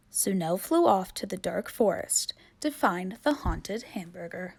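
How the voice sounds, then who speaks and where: A woman reading a children's picture book aloud with playful, expressive narration. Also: mid-range voice, a little slow, gravelly, hardly any pauses, breathy edge. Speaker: storybook reader.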